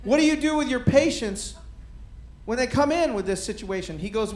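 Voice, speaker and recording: A man doing stand-up comedy, telling a self-mocking story in an animated way and acting out bits of dialogue. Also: extremely high pitch, moderate pace, echoey room.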